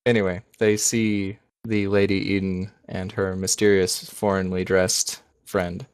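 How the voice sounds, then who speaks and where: Game master, man, very low voice, dry close sound, casual narration. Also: level tone, measured pace, a little mellow, clear, resonant tone, no echo. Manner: casual, self-correcting.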